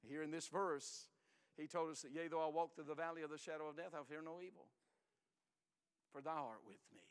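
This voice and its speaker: An older man preaching a sermon in a folksy, emphatic way, swinging between loud and hushed. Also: on the high side, a little fast, clean tone, big-room sound.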